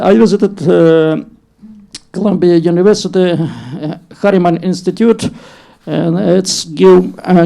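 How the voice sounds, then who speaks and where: A man who is a professor, introducing himself in halting, hesitant English and coughing between phrases. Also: a little high, creaky, dark tone. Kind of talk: self-introduction.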